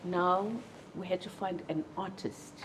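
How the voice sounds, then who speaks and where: A South African woman with a lowish voice tells her story to an interviewer. She is animated, stumbles and restarts, and slips into other people's voices as she quotes them. Faint room hiss sits behind her. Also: a little slow. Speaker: interview guest.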